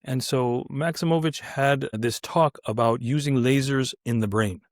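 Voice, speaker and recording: A man's voice: mid-range voice, a little slow, dry recording, studio quality. A man, a surgeon, telling a story casually and acting out the dialogue with quoted voices, often restarting his sentences. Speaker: neurointerventional surgeon, podcast guest.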